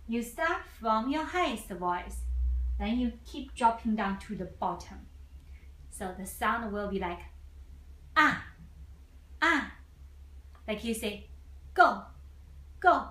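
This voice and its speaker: A woman's voice: fairly high pitch, measured pace. A woman teaching a Mandarin lesson patiently, repeating each sound twice in simple English. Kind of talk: slow language lesson. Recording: echoey room.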